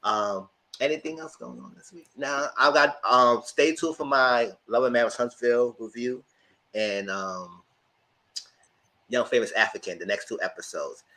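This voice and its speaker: A man hosting a casual live TV review, slangy and animated, breaking into loud mock quotes. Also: medium pitch, normal speed, low-quality recording. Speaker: channel host, TV reviewer.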